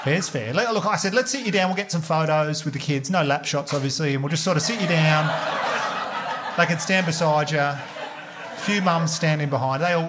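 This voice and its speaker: A man in his thirties with an Australian accent, doing stand-up storytelling, lively and swearing, laughing through punchlines and acting out what people said. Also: a little high, noisy background. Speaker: stand-up comedian.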